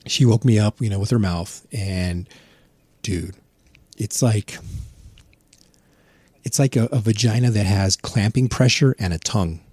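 A man's voice: fairly low pitch, unhurried, pauses often, darkish tone, slightly rough, no echo. A middle-aged man, a podcast guest, telling a rambling, profane story in casual chat. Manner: rambling, profane, laughs at his own story.

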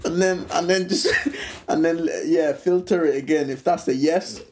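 A young man co-hosting a podcast, throwing in quick, teasing banter. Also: on the high side, darkish tone, slight background noise. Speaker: podcast co-host. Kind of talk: casual chat.

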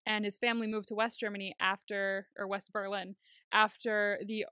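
A woman co-hosting a casual TV recap podcast, chatty and quick to swear and laugh. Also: mid-range voice, level tone, pushed and bright, clean tone, no echo, clean studio sound. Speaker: podcast co-host.

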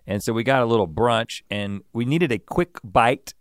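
A man co-hosting a casual chat, telling an anecdote in an animated way and laughing often. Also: medium pitch, moderate pace, no room sound, studio quality. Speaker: podcast co-host.

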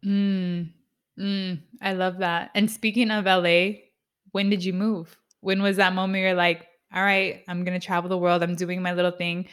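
A woman hosting a casual chat, telling lively stories and switching between English and Spanish. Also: on the low side, clear, resonant tone. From San Diego, US. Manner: lively storyteller, switches into Spanish, laughs easily. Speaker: podcast host.

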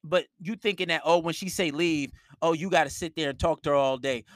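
A man's voice: fairly high pitch, brisk, hardly any pauses, dry recording, clean studio sound. A man giving blunt, profane dating advice on a live stream, talking in an emphatic rant.

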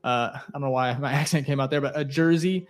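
A man co-hosting a casual sports podcast, relaxed and thankful, rambling with fillers. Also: mid-range voice, fast. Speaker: podcast co-host.

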